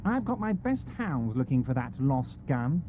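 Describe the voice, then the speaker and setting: A woman's voice: rumbling low, very animated, a little slow, warm tone, slight background noise, exaggerated voice. A woman voicing an oily male union boss. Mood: smooth. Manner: oily, falsely reassuring. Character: smooth-talking male union boss, middle-aged. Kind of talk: voicing a game character with friends.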